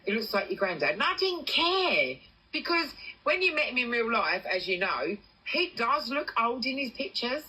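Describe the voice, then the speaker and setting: Husky, bright-voiced English woman swearing freely. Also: a little high, unhurried, rough recording. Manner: swearing, animated storytelling. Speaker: TikTok livestreamer. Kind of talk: casual livestream chat.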